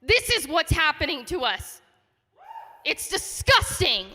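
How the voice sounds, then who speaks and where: A woman's voice: high-pitched, very animated, slow pace, sharp tone. An angry woman giving an impassioned public comment at a community forum in a church. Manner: angry, indignant, voice rising. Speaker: resident speaking at a public forum. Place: church hall. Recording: reverberant hall.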